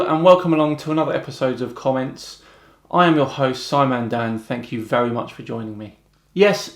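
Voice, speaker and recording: A British man hosting a video, reading out rude comments and answering them with dry, deadpan mockery. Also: fairly high pitch, echoey room. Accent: British English. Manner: dry, mocking, deadpan retorts. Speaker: host.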